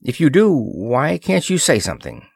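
A man's voice: fairly low pitch, lively intonation, measured pace, no echo, studio quality. A man voicing a determined male expedition leader who talks bluntly and emphatically. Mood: firm. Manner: firm, clipped, emphatic speech.

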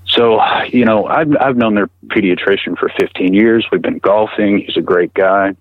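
A middle-aged man telling his story in an interview, halting and repeating words with many fillers, heard over a tinny phone line. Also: on the low side, dry recording. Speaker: guest recounting personal experience.

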